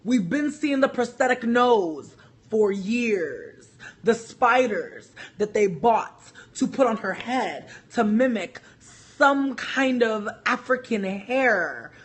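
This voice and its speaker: A man with a high, husky voice talks straight into his phone on a casual livestream. He swears freely and rambles, circling his points with constant filler words. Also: lively intonation, slow pace, fairly bright tone. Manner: profane, rambling, heavy use of "like". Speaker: vlogger.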